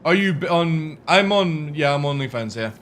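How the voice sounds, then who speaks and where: A man's voice: fairly high pitch, lively intonation, moderate pace, fairly bright tone, slight background noise. A man chatting casually to his chat while streaming a game, rambling and swearing freely.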